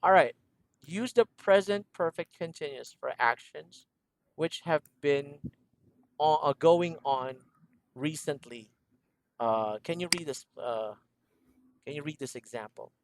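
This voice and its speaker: A man's voice: fairly high pitch, expressive, a little slow, pauses often, a little hiss or hum. A man teaching a one-on-one English lesson over a video call, patiently repeating instructions and laughing often. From Philippines.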